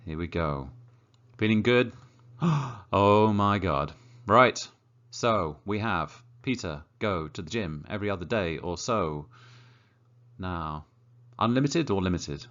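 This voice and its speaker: A man teaching an English grammar lesson, encouraging and lively, slowing down to model example sentences. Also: low voice, muffled recording.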